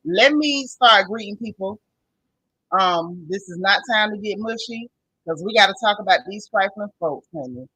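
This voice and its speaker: A woman's voice: mid-range voice, animated, normal speed, pushed and bright, husky. A woman hosting a casual livestream, greeting each viewer by name with pet names like girl, sis and boo. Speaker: livestream host.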